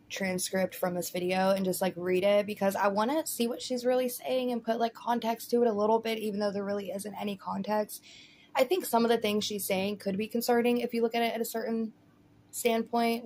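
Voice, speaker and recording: A woman's voice: mid-range voice, a little mellow, a little hiss or hum. A woman hosting a casual commentary vlog, talking in a chatty, rambling way full of "like" and "you know". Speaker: commentary host.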